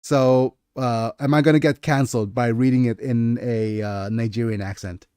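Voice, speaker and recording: A man's voice: medium pitch, fairly even intonation, normal speed, dark tone, smooth, dry recording, studio quality. A man hosting a casual livestream about his writing, hesitant and thinking aloud, with many fillers and restarts. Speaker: livestreamer and writer.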